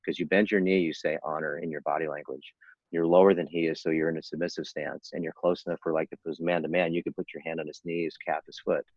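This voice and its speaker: An older man in his sixties with a very low voice rattles through his points quickly, earnest and persuasive and often restarting his sentences. The sound is dry and dull, like lo-fi video call audio. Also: level tone, a little mellow, breathy edge, no room sound. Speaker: interventionist guest. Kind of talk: casual interview talk.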